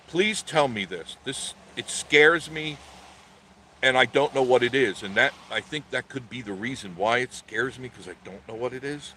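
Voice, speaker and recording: A man's voice: medium pitch, bright, forceful tone, a little hiss or hum. A man hosting a casual vlog, telling a story in a rambling way with many restarts and self-corrections. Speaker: channel host.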